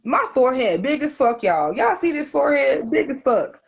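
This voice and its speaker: A woman telling a personal story in casual podcast chat, profane and animated. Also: high voice, normal speed, creaky, slightly rough, muffled recording. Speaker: guest.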